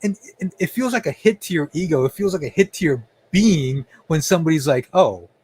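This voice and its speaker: High-voiced, chatty male caller. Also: lively intonation, brisk, darkish tone, slightly rough. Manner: enthusiastic, filler-heavy. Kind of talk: casual call-in chat.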